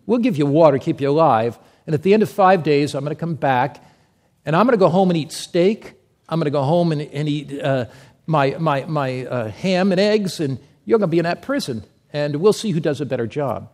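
A man's voice: a little high, expressive, a little fast, darkish tone. A man voicing a big, boastful communist prison captain who taunts a prisoner. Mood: taunting.

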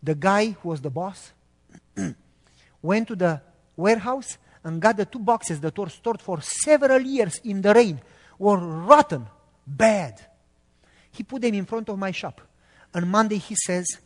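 A high-voiced man shares a testimony story in a sermon. He is animated and acts out the people in it, often turning to ask his listeners whether they follow. Long reverb from a hall follows his words. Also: a little slow. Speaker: preacher giving a testimony.

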